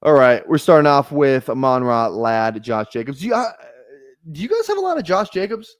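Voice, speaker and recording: A man's voice: fairly high pitch, sing-song, fairly quick, no room sound. A man giving casual live-stream commentary on his fantasy football draft, rambling and correcting himself as he thinks aloud.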